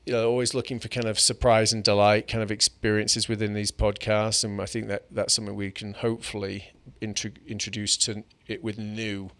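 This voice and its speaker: A man's voice: fairly low pitch, flat delivery, brisk, hardly any pauses, fairly bright tone. A man co-hosting a podcast in casual chat, musing tentatively and trailing off as he thinks. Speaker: podcast co-host.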